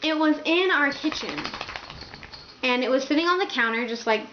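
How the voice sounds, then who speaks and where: A woman's voice: sits high, animated, normal speed, background noise. A young woman telling a rambling storytime to her camera, packed with fillers like "like" and "um". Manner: rambling, filler-heavy, lots of "like". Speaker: vlogger. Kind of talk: casual storytime. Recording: echoey, slightly dull home recording.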